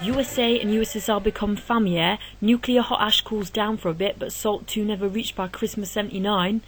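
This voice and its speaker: A woman putting on a man's comic street accent, leaning toward Cockney, chanting a rhythmic study rhyme in a deliberately hammy way. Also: mid-range voice, fairly even intonation, close to an everyday voice. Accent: mock Cockney-leaning London street accent.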